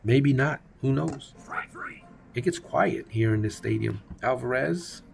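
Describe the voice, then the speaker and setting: Gravelly man calling a simulated ballgame. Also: mid-range voice, measured pace, darkish tone, faint music behind. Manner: playful, jokey, chatty commentary. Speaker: gaming channel host. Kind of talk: casual play-by-play of a baseball simulation game.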